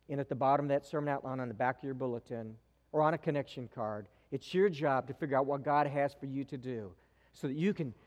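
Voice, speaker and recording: A man preaching a sermon in a church, telling a story with slow dramatic pauses. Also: mid-range voice, darkish tone. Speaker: pastor. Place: church sanctuary. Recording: long reverb of a large church hall.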